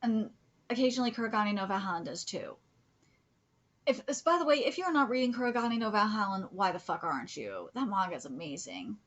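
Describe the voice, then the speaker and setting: A woman streaming a live manga reaction, gushing, cursing freely and often dropping into breathy whispers. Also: mid-range voice, sing-song, fairly quick, a bit bright, muffled recording. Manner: gushing, swears a lot, drops into whispers.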